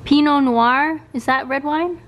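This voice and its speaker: A woman's voice: high-pitched, measured pace, lo-fi sound. A woman chatting casually in a home vlog from her kitchen, giggly and hiccuping as she talks. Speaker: vlogger. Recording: home video with audible kitchen noise.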